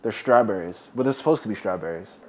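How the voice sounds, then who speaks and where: A man's voice: lowish voice, lively intonation, quick pace. A young man who was once homeless, chatting casually and jokingly as he gives a tour of his apartment. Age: young adult. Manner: chatty, laid-back, jokey, with many "like" fillers. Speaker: formerly homeless youth. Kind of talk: casual home tour talk. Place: his own apartment, indoors.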